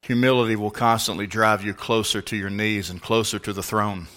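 A man's voice: fairly low pitch, steady tone, brisk, a bit bright. An older man, a pastor, preaching a sermon in an emphatic, folksy way with asides to the congregation.

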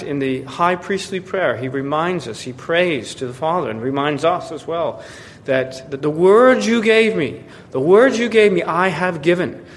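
A man preaching an expository sermon, emphatic and given to repeating words as he restarts. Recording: long hall reverb with faint rumble.

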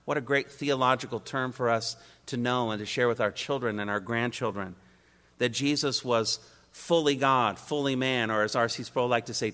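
A man's voice: medium pitch, sharp tone, in a large hall. A man preaching an expository sermon, emphatic and driving his points home in repeated triads.

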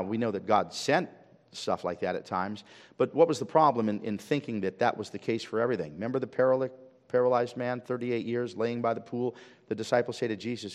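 A male pastor preaching a sermon, emphatic, with frequent repeated words and stretches that drop to a soft, intimate tone. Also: mid-range voice. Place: church sanctuary. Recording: long hall reverb.

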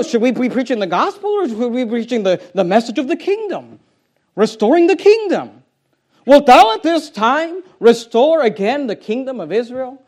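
High-voiced man preaching emphatically. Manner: emphatic and confrontational, repeats key phrases. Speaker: pastor. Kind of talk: sermon.

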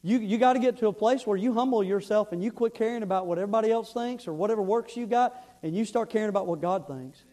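A man's voice: high voice, fast, hardly any pauses, warm tone, poor audio. A man pastor preaching a sermon, earnest and storytelling, often repeating words as he goes.

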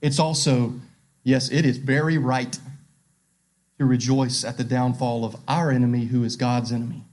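His voice is medium in pitch and steady in tone as this pastor moves through his sermon at a moderate pace. He reads scripture aloud and questions his listeners directly, alternating loud emphasis with hushed tones.

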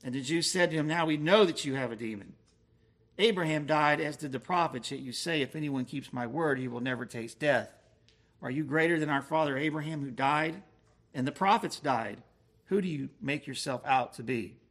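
Preacher: man, somewhat high voice, emphatic, slows on key words. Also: a bit bright. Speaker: pastor. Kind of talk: expository sermon.

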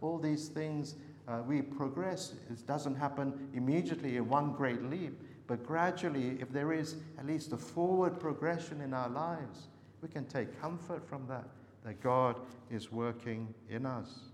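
A male preacher delivers a sermon, pressing his listeners with one searching question after another and stopping often on small hesitations. His voice has a middle pitch and carries a long reverb, as if heard in a large hall, with faint noise in the background. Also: a little slow. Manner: earnest, searching rhetorical questions with many hesitations.

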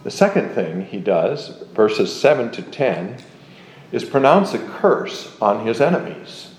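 A man giving an expository Bible lecture, explaining verses with measured, emphatic readings of scripture. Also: medium pitch, sing-song, roomy sound, poor audio. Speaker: Bible teacher.

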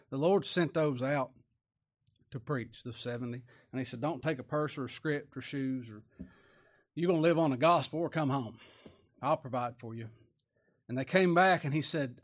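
A man's voice: mid-range voice, moderate pace. A man preaching a folksy sermon, often asking rhetorical tag questions and chuckling.

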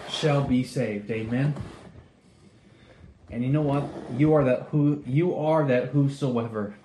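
A man's voice: mid-range voice, slow pace, dark tone, a little hiss or hum. Earnest male preacher in a roomy space. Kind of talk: sermon reading Bible verses.

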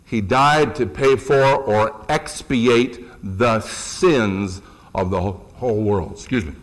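A middle-aged man preaching a sermon, animated, rising in pitch for emphasis and asking the congregation questions. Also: slow pace.

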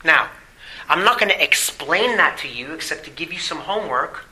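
A male pastor delivering a sermon, reading scripture aloud and asking the congregation rhetorical questions, swinging from emphatic to hushed. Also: a little high, lively intonation, moderate pace, low-quality recording. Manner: emphatic preaching with rhetorical questions, drops to quiet asides.

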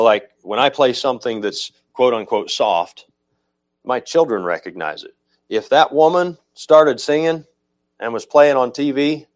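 Casting: lower-voiced male preacher, teaching sermon, patient and explanatory, self-correcting. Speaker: pastor.

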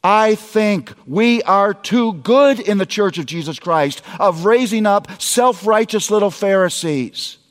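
High-voiced man preaching in a big hall. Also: animated, takes it slowly, hardly any pauses. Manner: emphatic, addresses parents directly. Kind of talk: sermon.

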